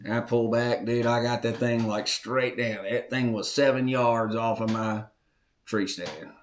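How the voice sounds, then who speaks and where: A man's voice: medium pitch, fairly even intonation, unhurried, a little hiss or hum. A man with a drawl tells a personal story on his podcast, his voice set in an ordinary middle register. He talks in a folksy, earnest way and repeats key phrases for emphasis. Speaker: podcast host.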